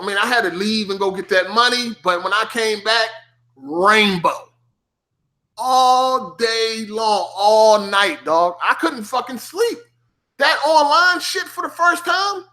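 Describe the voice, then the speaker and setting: Animated, profane male gaming streamer. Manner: animated, profane, slangy, acts out his past self in a higher excited voice. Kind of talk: casual storytelling.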